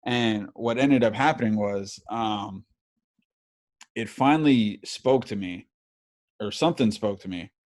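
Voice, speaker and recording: A man in his thirties hosts a podcast, speaking in a lowish voice at a measured pace with long pauses. He tells a story in casual, animated chat packed with swearing and filler words.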